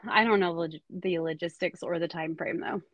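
A woman hosting a casual live-stream chat, talking in a relaxed way and thinking aloud. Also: fairly low pitch, normal speed, dry recording.

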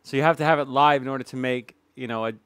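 Male reaction commentator, indignant and emphatic, smooth voice. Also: mid-range voice, fairly even intonation, a bit bright, dry recording. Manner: emphatic, indignant, with dramatic pauses. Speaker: commentary YouTuber.

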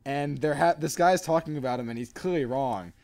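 Animated young man telling stories. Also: fairly high pitch, fairly quick. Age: young adult. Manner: animated anecdote telling, crude humor. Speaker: podcast cast member. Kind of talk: casual chat, storytelling.

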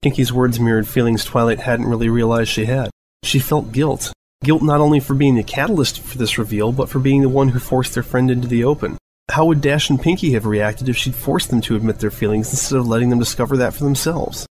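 A man reads a story aloud in a measured, steady narration. His voice sits at an ordinary middle pitch, with faint noise underneath. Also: rough recording. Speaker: fanfiction reader.

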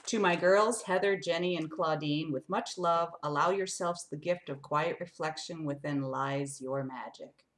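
A woman living in the Arizona desert reads a picture book aloud to children in a fairly low voice. Her delivery is animated and sing-song with big upward swings, and she often turns to ask her young listeners questions. She keeps a measured pace with few pauses.

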